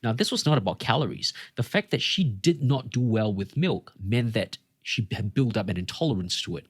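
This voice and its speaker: An Australian fitness coach, a guest on a podcast, animatedly tells stories and acts out what people said in casual conversation. His voice sits on the low side at a normal pace, slightly rough, recorded with studio quality and no room sound.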